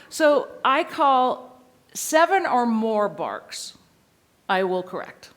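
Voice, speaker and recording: A woman dog trainer teaching a seminar audience in a lively, playful way, sometimes acting out a dog's voice. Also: high voice, a little slow.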